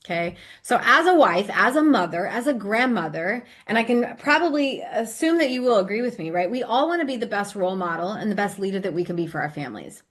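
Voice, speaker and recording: A woman's voice: mid-range voice, lively intonation, fairly quick, few pauses, fairly bright tone. A middle-aged woman hosting an interview podcast, effusive, enthusiastic and motivational in casual chat. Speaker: podcast host and coach.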